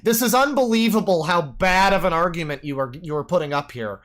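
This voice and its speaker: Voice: mid-range voice, brisk, fairly bright tone. A streamer reacting to a video during a live stream. The delivery is an exasperated, swearing rant, with many restarts and "like"s between points. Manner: profane, exasperated ranting.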